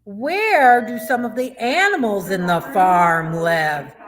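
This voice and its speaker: A Michigan youth librarian runs a children's story time in a sing-song manner, quizzing the little ones and mimicking animal noises. Her voice is medium in pitch and fairly bright, with lively intonation, and she takes her time.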